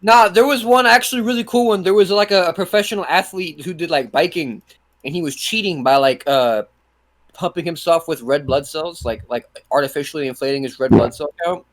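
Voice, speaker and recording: A man's voice: on the high side, fairly quick. A young man in casual chat on a voice call, rambling crudely and acting out scenes in silly voices. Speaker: podcast co-host. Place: home, on a call.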